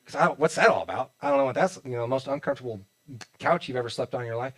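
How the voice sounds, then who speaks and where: A man's voice: medium pitch, animated, very fast. A man in his forties with a Midwestern American accent, preaching a sermon in a church in a conversational, joking way, with many restarts and acted-out quotes. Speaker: pastor. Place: church auditorium.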